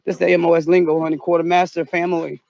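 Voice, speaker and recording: A woman vlogging outdoors in the cold, talking in a dramatic, excitable, slangy way with sudden yelps. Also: lowish voice, fast, vocal fry, muffled recording. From North Carolina. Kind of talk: playful spoof search vlog.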